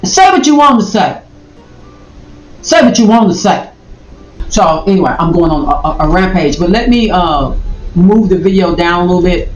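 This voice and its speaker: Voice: medium pitch, expressive, normal speed, pauses often, faint music behind. A video commentator reacting to a clip, talking in a rambling, emphatic way and repeating phrases. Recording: roomy, distant mic, faint noise.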